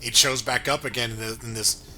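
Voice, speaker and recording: A man's voice: mid-range voice, fairly even intonation, fairly quick, bright, forceful tone, soft background music. A man co-hosting a casual review chat, laid-back, laughing often and swearing casually. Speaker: podcast co-host reviewing a cartoon.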